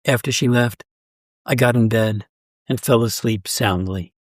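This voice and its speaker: Guy narrating a short story, steady and measured, mid-pitched, really dry close sound. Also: no echo. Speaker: story reader.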